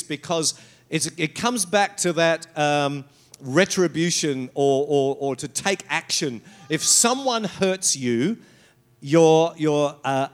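A middle-aged man preaches a sermon in a conversational, animated way. His voice sits a little high for a man and swings widely in pitch, rising and falling as he drives his points home. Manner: animated preaching with mocking quoted asides and laughter. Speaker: pastor.

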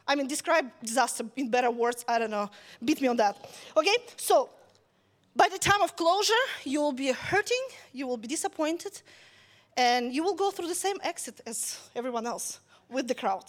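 A woman with a high voice preaches in a relaxed, conversational way. She tells a story with lively asides and keeps checking in with her listeners. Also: moderate pace. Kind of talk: conversational sermon.

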